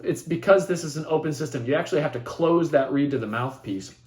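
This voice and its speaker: A man's voice: a little high, fast talker, a little hiss or hum. A man, the composer of the piece, casually walking players through saxophone techniques step by step, with lots of ums and restarts. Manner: relaxed, filler-heavy, thinks aloud. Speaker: composer demonstrating his piece. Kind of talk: casual instructional walkthrough. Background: saxophone demonstrations.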